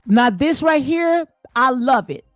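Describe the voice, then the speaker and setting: Blunt, preachy woman with a high voice. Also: animated, slow pace, faint music behind. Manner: blunt, preachy, repeats herself, slangy. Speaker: commentary channel host. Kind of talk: casual reaction commentary.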